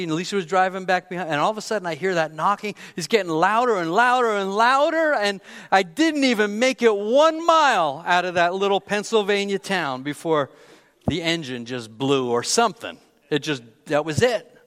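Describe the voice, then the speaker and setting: A man's voice: high voice, animated, normal speed, fairly bright tone. Male preacher, conversational storyteller, candid and self-deprecating, recorded in a church sanctuary with a long echo. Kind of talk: conversational sermon with personal story.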